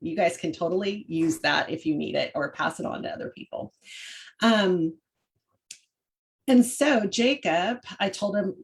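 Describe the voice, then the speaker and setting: A woman's voice: lowish voice, unhurried. A middle-aged woman, hosting a chatty faith-based parenting talk full of fillers and restarts. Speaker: podcast host.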